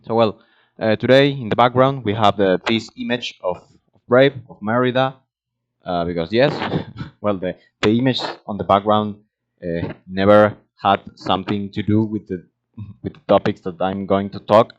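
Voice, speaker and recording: A man, a language learner talking casually in English, halting and hesitant as he searches for words. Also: lowish voice. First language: Spanish. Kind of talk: casual monologue practicing English. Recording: dull lo-fi recording.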